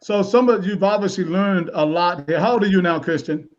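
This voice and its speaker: A man hosting a live online interview show, chatty and quick to laugh, often repeating his words. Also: high-pitched, dull audio. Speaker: talk show host.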